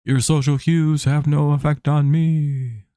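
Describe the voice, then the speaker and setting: A man putting on a voice as a blunt self-proclaimed superhero, declaiming slowly and defiantly. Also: on the high side, level tone, mellow, clean tone, no room sound, clean studio sound, pitched above the performer's own voice, lightly acted.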